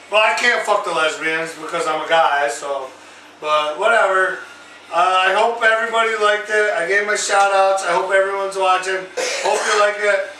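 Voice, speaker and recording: A man hosting his own vlog, telling a crude, profane story over drinks in a rambling, animated way. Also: high voice, moderate pace, roomy sound, recorded from a distance, noisy background. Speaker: vlog host.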